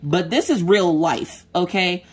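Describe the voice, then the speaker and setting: A craft vlogger chats casually as she works, her lowish, slightly rough voice at a measured pace. She tells a story animatedly, acting out the quoted voices, with some mild swearing.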